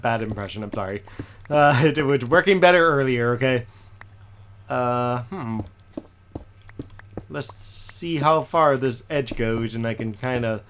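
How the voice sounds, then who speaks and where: A man, slightly hoarse and recovering from a cough, chatting casually through his gameplay in a rambling way with lots of "okay?" tag questions. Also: medium pitch, moderate pace, a bit bright, a little hiss or hum. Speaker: Minecraft let's player.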